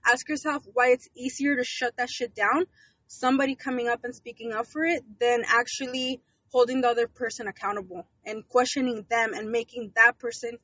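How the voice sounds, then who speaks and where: A woman's voice: a little high, a bit bright, dry recording, poor audio. A woman in her early thirties co-hosting a podcast, talking bluntly, swearing and mixing English with Spanish. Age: 30s. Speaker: podcast co-host. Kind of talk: casual podcast chat.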